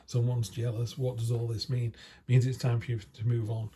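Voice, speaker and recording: A man's voice: mid-range voice, level tone, normal speed, dark tone, slight background noise. A man with a British accent giving a chatty, down-to-earth weekly tarot reading to his viewers. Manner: chatty, down-to-earth, slangy asides. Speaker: tarot reader.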